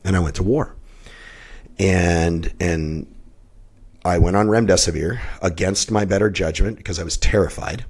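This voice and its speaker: A man's voice: sits low, normal speed, a little mellow, slightly rough. A man in his fifties, a podcast guest telling a personal story in an intense, blunt way and swearing often. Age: 50s. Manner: blunt, heavily profane, intense.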